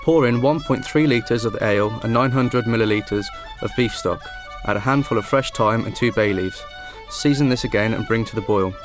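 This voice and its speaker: A man's voice: lowish voice, normal speed, hardly any pauses, music in the background. Plain-spoken male chef from Cornwall. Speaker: guest chef. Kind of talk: talking through a recipe on TV.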